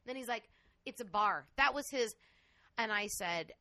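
A woman with a high, bright voice tells a crude story in an outraged, animated rush. She sounds close and dry on the mic, with no room around her. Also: moderate pace, dry recording. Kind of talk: casual storytelling chat.

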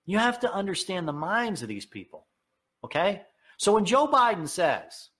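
A man delivers a heated, sarcastic political rant. His voice sits a little high and husky, and it swings widely in pitch, spiking upward when he presses a point. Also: huge pitch swings, normal speed, a bit bright. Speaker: political commentator.

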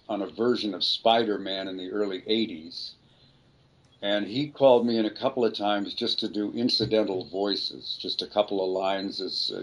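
An older man, a voice actor, speaking as an interview guest and reflecting on his career in a rambling, self-deprecating way. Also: lowish voice. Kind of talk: casual interview storytelling.

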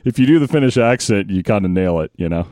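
A man's voice: lowish voice, animated, fast talker, warm tone, no echo, clean studio sound. A man co-hosting a podcast, chatting casually and laughing often. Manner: laughs often, chuckly and easygoing. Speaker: podcast co-host. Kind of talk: casual chat.

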